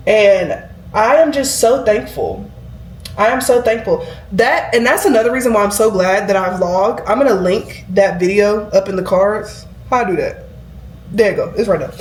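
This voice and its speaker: Talking casually to camera, this twenty-something vlogger rambles along, dropping "like" constantly. Her medium-pitched voice runs a little fast. Slight background noise and a roomy echo color the audio.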